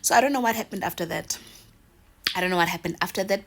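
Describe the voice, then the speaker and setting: A woman's voice: lowish voice, fast, creaky. A woman with a South African accent telling a gossip story in a casual, dramatic way, mixing in isiZulu words. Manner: animated, dramatic, acts out quotes.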